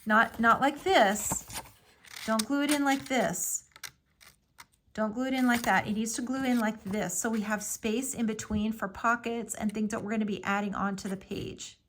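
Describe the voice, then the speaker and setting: A woman's voice: a little high, steady tone, moderate pace, fairly bright tone, slight background noise. A woman giving a casual step-by-step craft tutorial, explaining each move with friendly fillers. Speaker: craft instructor.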